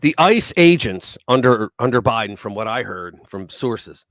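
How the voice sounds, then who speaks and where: A man hosting a live news talk stream, talking in a casual, mocking way and swinging between loud remarks and muttered asides. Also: mid-range voice, sing-song, moderate pace, no room sound.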